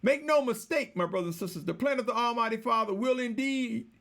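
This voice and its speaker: A man delivering a slow, measured, exhorting sermon, repeatedly addressing his listeners as brothers and sisters. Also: extremely high pitch, gravelly, fairly bright tone. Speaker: preacher.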